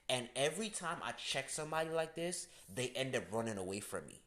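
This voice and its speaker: A man's voice: medium pitch, sing-song, fairly quick, hardly any pauses, fairly bright tone. A man, ranting bluntly and casually as an astrology host, swearing and using slang. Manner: blunt, profane, slangy, emphatic. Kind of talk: casual direct-to-camera rant.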